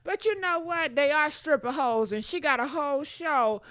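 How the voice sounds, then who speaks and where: A woman's voice: sits high, moderate pace, no room sound, clean studio sound. A woman hosting a live gossip show, exclaiming and talking straight to her viewers. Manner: animated, exclamatory, talks to chat directly.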